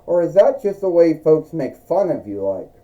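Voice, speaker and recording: A man's voice: on the high side, big pitch swings, moderate pace. A man voicing a polite male wrestling backstage interviewer who asks chatty, incredulous questions. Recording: dull lo-fi recording.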